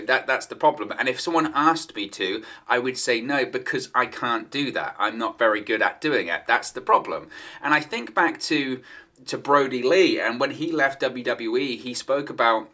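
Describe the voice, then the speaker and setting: A man's voice: medium pitch, bright, forceful tone. A man giving solo opinion commentary on wrestling news, in a conversational manner and repeating his points for emphasis.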